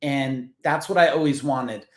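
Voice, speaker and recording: A man's voice: mid-range voice, a little slow, roomy sound. A man from New Jersey, a business founder telling earnest stories as a podcast guest, swearing casually. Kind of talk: emotional storytelling.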